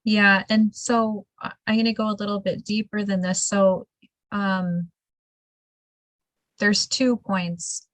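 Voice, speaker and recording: A woman hosting a casual interview, telling stories in an animated, emphatic way and laughing now and then. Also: medium pitch, takes it slowly, long pauses, dry recording, rough recording. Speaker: show host.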